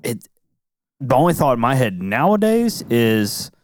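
A man's voice: medium pitch, sing-song, a little slow, darkish tone, a little hiss or hum. A man hosting a casual movie-review chat, rambling along with lots of "like" fillers. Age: adult. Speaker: podcast host.

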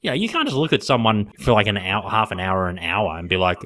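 Animated, chatty man recapping a show. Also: fairly low pitch, fairly quick. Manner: chatty, laughing, profane, animated. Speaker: podcast host. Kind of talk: casual TV episode recap.

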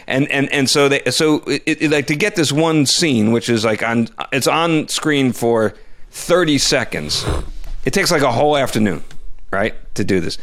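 A man co-hosting a podcast, telling a story in a casual, animated way, often stumbling and repeating words. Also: medium pitch, normal speed. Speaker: podcast co-host.

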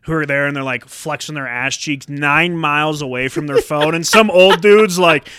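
A man's voice: on the high side, normal speed, sharp tone, smooth, dry recording, clean studio sound. A young man co-hosting a casual podcast, ranting profanely and acting out the people he talks about. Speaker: podcast co-host.

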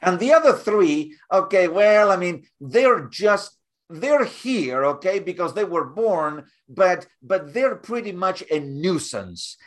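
Halting, animated man speaker. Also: sits high. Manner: halting, repeats words while searching. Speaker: guest speaker. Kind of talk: conversational interview.

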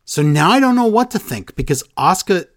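A man's voice: high-pitched, sing-song, a little fast, no echo, studio quality. A man in casual chat, animatedly retelling events and quoting people in funny voices. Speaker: podcast co-host recapping wrestling.

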